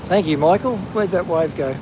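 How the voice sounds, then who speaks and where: A man's voice: high-pitched, moderate pace, noisy background. Chatty Australian man live on the coast. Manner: chatty, greeting viewers by name between remarks. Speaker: livestream host. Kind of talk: live outdoor walking stream. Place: outdoors on a windy coastal headland.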